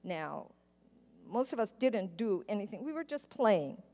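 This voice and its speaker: A woman with a warm, medium-pitched voice narrates a story for children in church, taking a measured pace with big pitch swings. She is patient and asks the kids questions, and the live stream from the sanctuary has long hall reverb.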